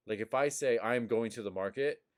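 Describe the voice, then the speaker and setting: A man's voice: mid-range voice, fairly quick. A man hosting a podcast, chatting casually and telling stories with laughter and swearing. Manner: animated storyteller, swearing, laughing. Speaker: podcast host. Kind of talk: casual chat.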